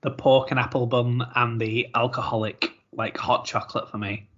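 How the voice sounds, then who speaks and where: A man's voice: mid-range voice, level tone, normal speed, fairly bright tone, lo-fi sound. A man, co-hosting a podcast in casual, rambling chat with easy laughs. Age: 30s. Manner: chatty, rambling, laughs easily, repeats words. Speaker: podcast co-host.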